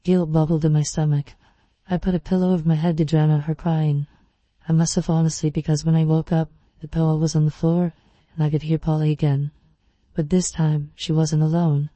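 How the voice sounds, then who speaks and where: A narrator giving a measured, even first-person reading of a scary story. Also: mid-range voice, no room sound.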